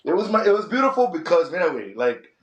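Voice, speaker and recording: A middle-aged man from San Antonio, a wrestler and promoter chatting in an interview, animated and slipping in Spanish slang. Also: a little high, fast. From San Antonio, Texas. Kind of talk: casual interview chat. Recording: echoey room.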